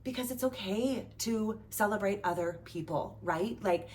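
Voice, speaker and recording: A woman hosting a show and working as a life coach, giving a motivational talk in an animated, chatty way, with lots of "like" and "right?". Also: medium pitch, measured pace, slight background noise. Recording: voice a bit distant from the mic.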